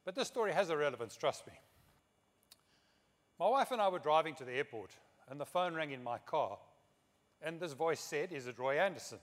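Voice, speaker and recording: A middle-aged South African man gives a keynote at a conference, telling humorous anecdotes and quoting others in his own voice. He speaks into a podium microphone, his voice on the high side with lively intonation, brisk but with long pauses. The conference hall adds a long reverb.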